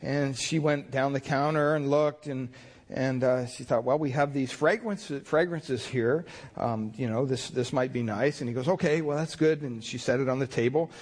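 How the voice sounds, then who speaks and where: A pastor preaching a sermon in a folksy, storytelling way, with many fillers and repeated words. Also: male voice, medium pitch, normal speed.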